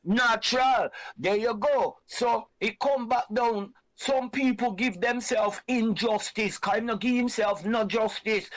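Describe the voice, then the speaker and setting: A Jamaican man hosts an online reasoning show and speaks with fiery conviction. He drives his points home by repeating them in a preaching way. His speaking voice is high for a man. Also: fairly bright tone, poor audio. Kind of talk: impassioned reasoning talk.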